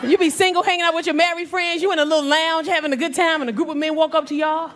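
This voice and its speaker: A woman doing stand-up comedy on a club stage, brash and animated, acting out voices and working the crowd. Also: very high-pitched, fast talker. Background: audience laughter.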